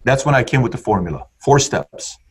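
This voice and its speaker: A man's voice: mid-range voice, sing-song, brisk, breathy edge. A man telling his story in conversation with an intense, punchy motivational delivery. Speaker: guest entrepreneur.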